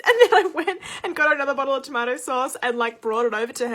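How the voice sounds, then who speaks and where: A young Australian woman with a bright, clear, forward voice tells a lively anecdote to camera. She sits a touch above the usual pitch and slips into quick impressions of the people she is describing. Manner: lively anecdote, acts out quoted lines. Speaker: vlogger. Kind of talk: casual storytelling.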